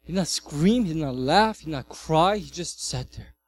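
A man in his thirties, a pastor, preaching a sermon and telling a family story with lively swings from loud to hushed. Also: fairly high pitch, moderate pace.

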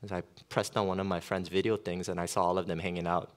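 A man's voice: sits low, little pitch movement, fast talker. A middle-aged male pastor preaching a sermon in a conversational way, with lots of fillers and storytelling.

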